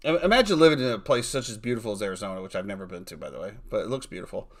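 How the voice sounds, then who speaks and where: A man hosting a sports podcast in casual chat, ranting with swings between loud excitement and low muttering. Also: rapid-fire. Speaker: podcast host.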